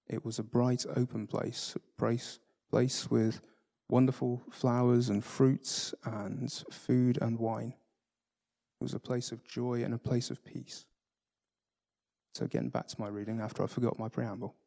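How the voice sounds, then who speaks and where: Relaxed man reading aloud. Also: medium pitch, vocal fry. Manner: relaxed, halting asides with fillers. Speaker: community speaker reading aloud. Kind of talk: reading a story with comments.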